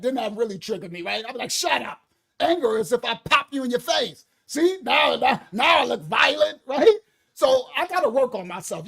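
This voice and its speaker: A man preaching in a fiery, animated way, loud and slangy, often laughing. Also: very high voice, gravelly.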